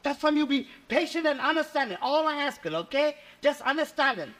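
Chinatown dad, bossy, piercing tone, old movie clip. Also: male voice, very high voice, lively intonation, a little fast, fairly bright tone. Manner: broken English, bossy. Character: stubborn immigrant father in Chinatown, head of family. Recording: film soundtrack clip.

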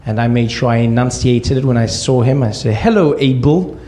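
A male stand-up comedian telling a personal story on stage, with deadpan asides in a slow build. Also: medium pitch.

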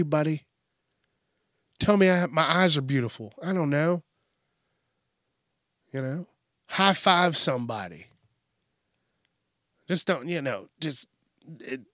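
Male podcast host, higher-pitched, dry close sound; profane, animated rambling monologue. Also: dry recording. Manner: profane, animated, acts out quoted rude customers.

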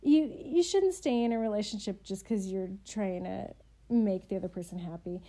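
A young woman co-hosting a casual book-discussion chat, giggly and animated, jumping up in pitch when she acts out characters' lines. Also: normal speed. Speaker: podcast co-host.

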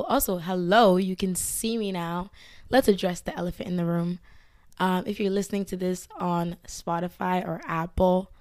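Hoarse young woman podcast host. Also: lowish voice, no echo, studio quality. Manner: rambling, lots of "like" fillers. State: hoarse, lost voice from illness. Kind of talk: casual chat. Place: indoors, filmed for a video podcast.

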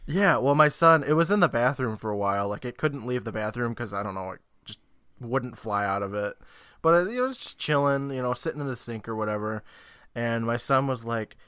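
A man's voice: mid-range voice, animated, a little fast, fairly bright tone, clear, resonant tone, no echo. Giggly man hosting a podcast. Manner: giggly, laughs often. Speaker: podcast host. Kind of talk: casual podcast chat. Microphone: home mic on a Skype call.

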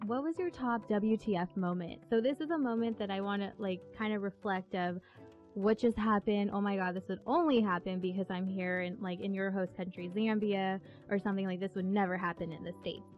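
A woman hosting a casual chat, animated and quick to exclaim. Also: medium pitch. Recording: dull, lo-fi audio with faint music.

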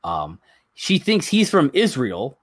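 A man's voice: medium pitch, wildly swooping pitch, slow, slightly rough, dry recording. Man, podcast co-host, casual chat, reads from a list, rambling, chuckles.

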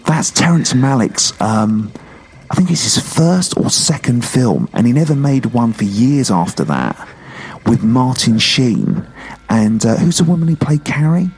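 A man reviewing films in a casual podcast chat, rambling and jokey, his voice going hoarse. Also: mid-range voice, big pitch swings, measured pace, a little mellow. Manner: rambling and jokey, talking like a pirate cockney. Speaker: film reviewer.

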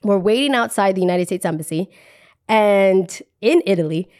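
A woman tells a story on her podcast, in an animated and chatty voice. Her pitch sits in an ordinary middle range for a woman. She talks casually and lightly acts out the people she quotes. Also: normal speed. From New Jersey. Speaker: podcast host telling a story.

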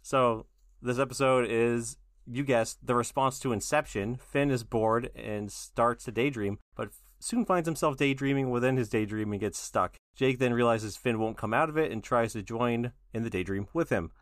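A man's voice: medium pitch, moderate pace, no echo, studio quality. A man co-hosting a casual chat, playful and laughing often. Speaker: podcast co-host.

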